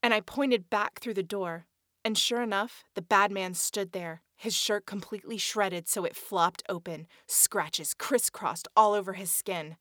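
Woman narrator, first-person children's story, earnest childlike telling, mid pitch, dry room. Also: unhurried, a bit bright, dry recording.

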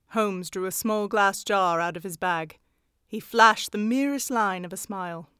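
Smooth-voiced woman narrating a story. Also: mid-range voice, measured pace, no echo, clean studio sound. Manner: steady, even storytelling. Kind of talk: scripted audiobook narration.

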